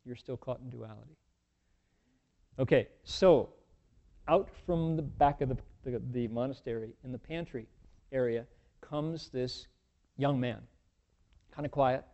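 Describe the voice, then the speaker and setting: A man's voice: medium pitch, a little slow, pauses often, dark tone, dull audio. A man giving a folksy, humorous dharma talk, telling a story with many asides. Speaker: dharma teacher.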